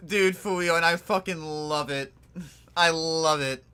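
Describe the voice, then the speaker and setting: A young man giving casual, excitable commentary while playing a game, swearing freely and rambling off on tangents. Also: on the high side, unhurried, smooth. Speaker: gamer. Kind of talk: casual let's play commentary.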